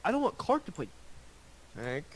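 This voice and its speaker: A man's voice: a little high, huge pitch swings, normal speed, slightly rough, poor audio. A young man chatting casually with friends on a gaming voice call, teasing, profane and rambling. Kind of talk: casual chat.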